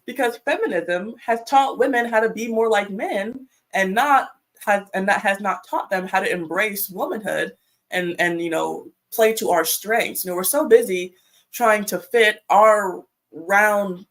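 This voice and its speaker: A woman's voice: mid-range voice, measured pace, a bit bright, low-quality recording. A married woman speaking as a guest in a casual group discussion, hesitant and full of fillers.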